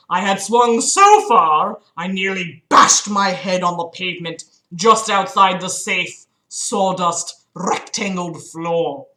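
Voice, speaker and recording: A woman's voice: fairly low pitch, bright, forceful tone, roomy sound. A woman reading a book aloud on a livestream, breaking off often to mock it with sarcastic, laughing, sweary commentary. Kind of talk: mocking read-aloud with commentary.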